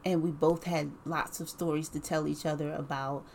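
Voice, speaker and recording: Lower-voiced woman telling a personal story. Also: normal speed, vocal fry, slight background noise. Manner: animated, frequent "like" and laughter.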